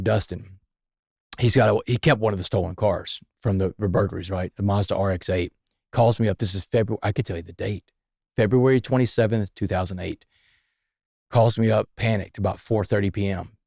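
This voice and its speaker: A man's voice: fairly low pitch, moderate pace, vocal fry, darkish tone, dry recording, studio quality. A man, a podcast guest, telling his life story in a vivid, dramatic way.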